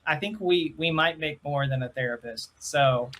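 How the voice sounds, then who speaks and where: Podcast guest, middle pitch, easygoing, casual chat. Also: normal speed, heavy background noise. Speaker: guest, part of a performing couple.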